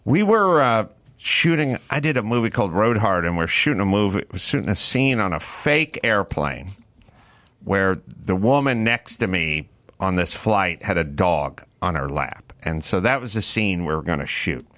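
A middle-aged man hosting a casual chat, telling a story with lots of swearing and loud bursts when he acts out his own lines. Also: sits low, normal speed. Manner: animated, profane, yells in retold lines. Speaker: podcast host.

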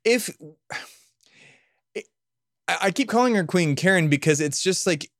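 A man's voice: high-pitched, lively intonation, a little slow, fairly bright tone, no room sound, clean studio sound. A man co-hosting a casual political podcast, rambling and sarcastic, often laughing at his own jokes. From Texas, US. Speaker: podcast co-host.

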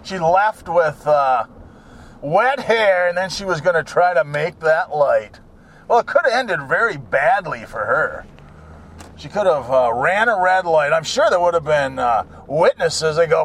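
A man rants in a rambling monologue, swearing freely and slipping into mocking voices of other people. His voice sits fairly high and swings all over the place. Vehicle sounds can be heard behind him. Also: animated, a little slow, fairly bright tone. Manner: ranting, profane, mocks people in put-on voices.

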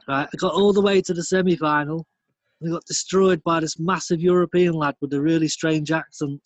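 A man's voice: fairly high pitch, steady tone, moderate pace, no room sound, lo-fi sound, close to an everyday voice. Man doing a rambling northern pub bore. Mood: jovial. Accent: northern English. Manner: rambling, pun-telling, beery banter. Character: chatty pub regular telling bad jokes, man.

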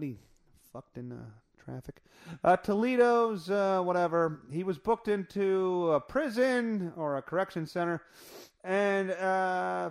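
A male podcast host riffing through the news in a crude, rambling, off-the-cuff rant. His slightly high voice leaps and dips animatedly, from loud sudden jumps to low mutters.

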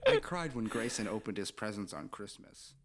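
A man's voice: on the low side, big pitch swings, normal speed. A man co-hosting a podcast in casual chat, telling stories with laughs and the odd swear. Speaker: podcast co-host.

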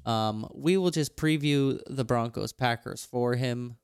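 Man, podcast host, gravelly voice, dry close sound, upbeat and jokey. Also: medium pitch, no echo. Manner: jokey, upbeat, talks through news quickly. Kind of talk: casual sports podcast chat.

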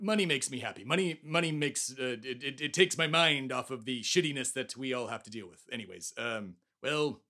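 A young Texan man with a mid-range voice, some vocal fry, and a sharp edge hosts a satirical comedy podcast. He rambles and stumbles through a mock-pompous rant.

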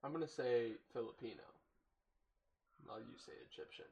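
An animated man chatting casually through a guessing game. He jokes and swears freely, and his voice swings widely in pitch as he riffs. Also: a little fast, breathy edge, highs cut off.

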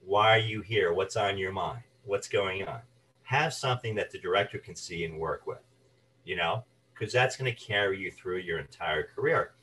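A man with a low voice recounts his acting career as a guest. He tells stories with energy and briefly puts on the voices of the people he quotes. He sits a little back from the microphone. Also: normal speed, far from the mic, slight background noise, rough recording. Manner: animated anecdotes, acts out quoted voices. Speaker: guest, actor and voice artist. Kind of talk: storytelling interview chat.

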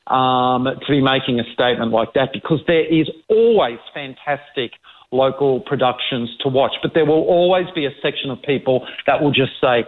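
A man's voice: medium pitch, moderate pace. A man with an Australian accent co-hosting a casual radio chat, talking emphatically and mocking critics. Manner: emphatic, mocks critics in put-on quoted voices. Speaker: co-host. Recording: tinny phone-like radio line.

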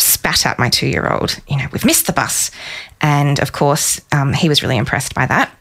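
A woman in her thirties, a psychologist guest on a podcast, telling a personal story warmly and with emotion. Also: extremely low pitch, vocal fry. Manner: warm storytelling, emotional in places.

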